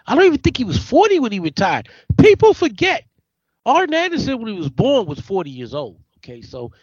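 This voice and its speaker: A man hosting a casual chat, excitable, stammering and repeating himself for emphasis. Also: high voice, slightly rough, no room sound. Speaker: podcast host. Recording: dull, dry lo-fi recording.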